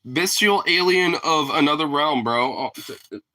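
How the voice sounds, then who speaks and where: A man's voice: a little high, moderate pace, sharp tone. A man talking to his dog in a casual vlog, teasing and playful, and swearing freely. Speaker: dog owner.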